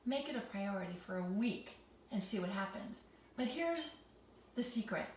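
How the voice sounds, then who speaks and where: A middle-aged woman, a teacher, chatting in a home vlog in her loud teacher voice, teasing and friendly. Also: mid-range voice, animated, normal speed, recorded from a distance, slight background noise. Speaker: teacher and vlogger. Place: home kitchen. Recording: echoey room, voice somewhat off mic.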